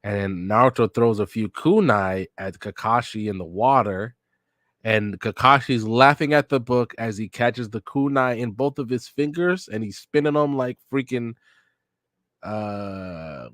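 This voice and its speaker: A man's voice: mid-range voice, moderate pace, a bit bright, no echo, clean studio sound. A young man hosting a channel, retelling manga panels play-by-play in a casual, run-on way with incredulous joking asides. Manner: recounts panels in a run-on 'and then he's like' way. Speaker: host reading a manga aloud for the first time.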